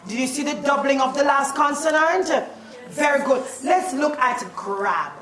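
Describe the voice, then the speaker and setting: A woman teacher, leading a playful, animated spelling lesson in a classroom. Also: sits high, moderate pace. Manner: animated and playful, calls out questions. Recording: echoey classroom, mic at a distance.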